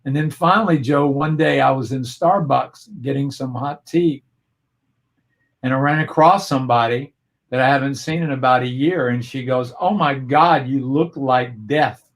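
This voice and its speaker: Male interview guest, mid-pitched voice, reflective and earnest, over a video call. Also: normal speed, creaky. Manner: earnest and reflective, with frequent restarts.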